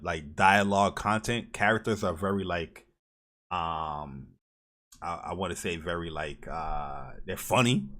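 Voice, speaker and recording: Podcast co-host, a man with a fairly low voice, excitable and rambling. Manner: hyped, rambling with many fillers. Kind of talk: casual gaming podcast chat.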